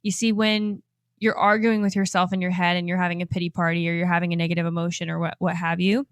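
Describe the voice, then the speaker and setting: A woman's voice: on the low side, fast, clear, resonant tone, no echo. Upbeat young woman podcaster, dry close sound. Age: 20s. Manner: upbeat, animated, laughs often. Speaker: podcast host and life coach. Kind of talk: motivational podcast monologue.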